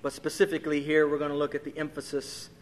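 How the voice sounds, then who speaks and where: A man's voice: fairly high pitch, completely flat delivery, quick pace. A man preaching an expository sermon, his voice rising emphatically on key questions. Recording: long hall reverb.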